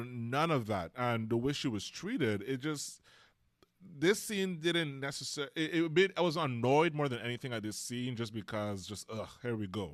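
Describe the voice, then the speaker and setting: A man's voice: mid-range voice, dry recording, studio quality. A man co-hosting a podcast, chatting casually about a film and acting out scenes now and then. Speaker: podcast co-host.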